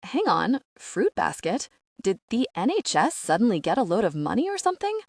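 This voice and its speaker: A woman's voice: a little high, huge pitch swings, a little mellow, no echo, clean studio sound, voice pushed up, exaggerated voice. A British woman voicing a panicky, incredulous young woman of twenty-eight who has lost her memory. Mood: flustered. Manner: panicky, incredulous, quick bursts.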